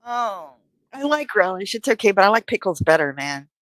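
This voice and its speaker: A woman's voice: medium pitch, very animated, moderate pace, fairly bright tone, dry recording, poor audio. A woman chatting casually as a stream co-host, talkative and swearing casually. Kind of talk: casual chat.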